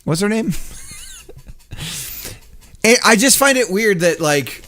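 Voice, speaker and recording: Man, game dev streamer, rambling casual chat, animated pitch. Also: takes it slowly. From United States. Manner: rambling and chatty, laughs often, swears freely. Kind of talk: casual live-stream chat while coding.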